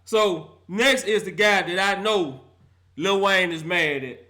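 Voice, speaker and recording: A man's voice: sits high, takes it slowly, bright, forceful tone. A young adult man hosting a live call-in sports show, roasting players and fans in a laughing mock-preacher style.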